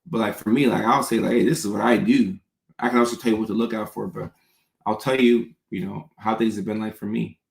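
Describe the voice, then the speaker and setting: Low gravelly man hosting a livestream. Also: flat delivery, fast talker, roomy sound. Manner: chatty, reads viewer comments aloud and answers them. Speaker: livestream host answering viewer questions. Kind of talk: casual livestream Q&A.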